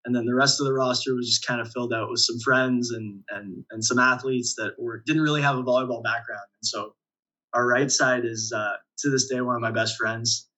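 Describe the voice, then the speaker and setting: A young man talks through his playing days in a relaxed interview, chuckling as he goes. His voice is bright and a little husky. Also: medium pitch, a little fast, poor audio. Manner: relaxed storyteller, many restarts and chuckles. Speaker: volleyball player guest. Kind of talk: casual interview storytelling.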